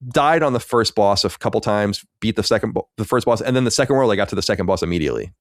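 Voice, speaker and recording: A man talks fast on a podcast in a low-leaning voice, circling back through restarts and fillers. The sound is dry and close, with no room in it. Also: expressive, dry recording. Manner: rambling, many restarts and fillers. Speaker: podcast co-host. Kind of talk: casual chat.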